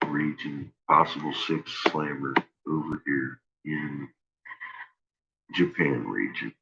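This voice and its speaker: A man's voice: very deep voice, slow, creaky, fairly bright tone, muffled recording. A man hosting a casual livestream, ranting with lots of swearing and frequent laughter. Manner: profane, laughs often, ranting. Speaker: livestream host. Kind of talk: casual rambling livestream talk.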